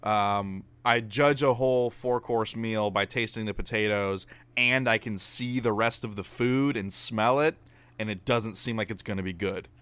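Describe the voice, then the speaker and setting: A man's voice: lowish voice, moderate pace, fairly bright tone, clear, resonant tone, no room sound. A young man co-hosting a podcast, blunt and sarcastic, swearing casually. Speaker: podcast co-host. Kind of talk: casual chat.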